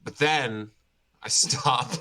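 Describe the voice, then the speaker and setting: A man playing a tabletop game casually, laughing often and dropping his voice low for menacing in-character lines. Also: drawn-out words, pushed and bright, slight background noise. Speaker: player.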